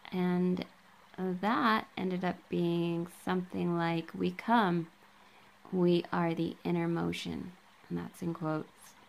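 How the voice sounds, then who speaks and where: A woman's voice: on the low side, flat delivery, slow, vocal fry, poor audio. A woman vlogger reading passages of a book aloud to her viewers, marking each quote and end quote, with casual asides and frequent ums, recorded on a camera she holds herself. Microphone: handheld camera.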